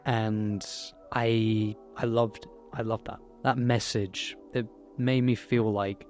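A man's voice: lowish voice, little pitch movement, takes it slowly, few pauses, soft background music. Earnest young man, motivational vlog. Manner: earnest and candid, with some swearing. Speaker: YouTuber. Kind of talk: personal motivational monologue.

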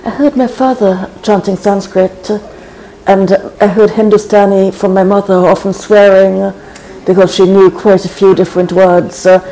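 A poet in their forties, giving measured, reflective interview answers with many pauses and hesitations. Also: medium pitch, little pitch movement, warm tone, slight background noise, rough recording. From Trinidad. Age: 40s. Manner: thoughtful and measured, frequent hesitations. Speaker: guest poet. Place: college.

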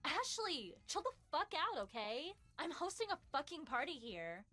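Irate young party host. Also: female voice, high voice, sing-song, moderate pace, sharp tone, heavily acted. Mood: angry. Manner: bossy, swearing, exasperated. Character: angry young woman hosting a party. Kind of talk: video game dialogue. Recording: party crowd behind, distant.

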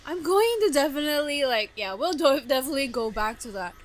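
A young woman reacting to an anime episode, gasping, laughing and exclaiming in bursts of excitement. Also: high voice, quick pace, a little hiss or hum.

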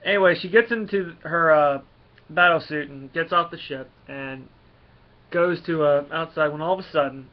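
A man giving a casual spoken review of a comic, rambling and halting with many fillers. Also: a little high, lo-fi sound.

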